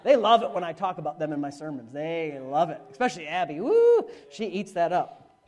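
A middle-aged male pastor preaching a sermon, with dramatic swings from hushed to loud. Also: a little fast. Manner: animated preaching with dramatic swings in pitch and volume. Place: church, live-streamed.

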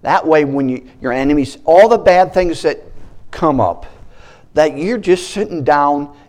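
Animated male preacher with swooping delivery. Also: a little high, measured pace. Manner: animated, with joking asides. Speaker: pastor. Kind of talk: sermon.

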